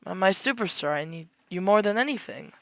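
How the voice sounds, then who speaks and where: Woman voicing a soft-spoken, clingy monster fan. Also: medium pitch, lively intonation, a little fast, dry recording, lightly acted. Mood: adoring. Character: obsessive, clingy young male monster fan.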